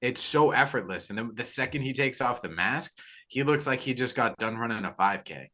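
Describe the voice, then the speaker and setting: A man's voice: medium pitch, normal speed. A man co-hosting a podcast, chatting casually about a movie and saying "dude" a lot. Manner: relaxed, says "dude" a lot. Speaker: podcast co-host. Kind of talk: casual movie review chat.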